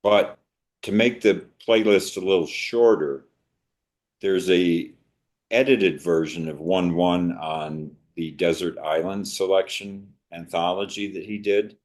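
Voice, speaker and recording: An older man with a very deep voice talks casually as a podcast co-host. He is chatty and reflective, wandering through his thoughts in an easy, conversational way. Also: fairly even intonation, takes it slowly. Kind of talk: casual chat about music.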